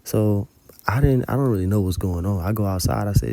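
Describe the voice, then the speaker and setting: A man's voice: on the low side, brisk, dark tone, no room sound. A man giving an informal religious testimony, telling a dream in colloquial, profanity-laced storytelling. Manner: colloquial storytelling with heavy cursing. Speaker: religious teacher recounting a dream.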